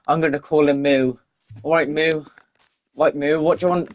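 A woman giving casual, excitable commentary while playing a game and talking to the animals in it. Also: deep voice, normal speed. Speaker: gaming video creator.

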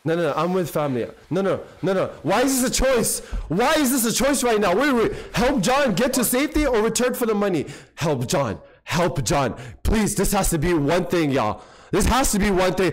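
A man's voice: high voice, normal speed, hardly any pauses. A man streaming a video game and narrating it live, frantically repeating himself as he panics. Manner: frantic, repetitive, excitable. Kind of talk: live gameplay commentary.

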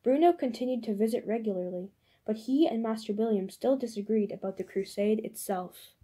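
Woman audiobook narrator, measured delivery, mellow dark tone. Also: fairly high pitch. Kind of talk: audiobook reading.

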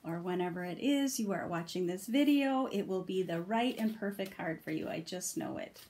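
A woman's voice: lowish voice, expressive, normal speed, a little mellow, slight background noise. A middle-aged woman gushing and laughing often as she reviews a deck of dog oracle cards in a casual video. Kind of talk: casual card reveal and review.

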